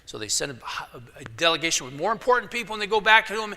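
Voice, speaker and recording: A man's voice: sits high, animated, quick pace, sharp tone. A male pastor preaching a sermon as casual, joking storytelling in a church. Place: church sanctuary. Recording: echoey church hall.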